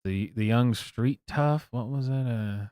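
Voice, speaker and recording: Male streamer, smooth clear voice, dry close sound, rambling, crude. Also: mid-range voice, measured pace, mellow, no echo. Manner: rambling, profane, hesitant with many fillers. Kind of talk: casual livestream commentary.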